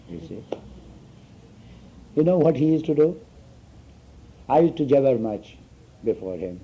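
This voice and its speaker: Warm and very animated, this male spiritual teacher tells stories to his students at a moderate pace, leaving long pauses, chuckling, and checking "you understand?" His pitch is medium. The dull lo-fi audio carries a slight hiss or hum.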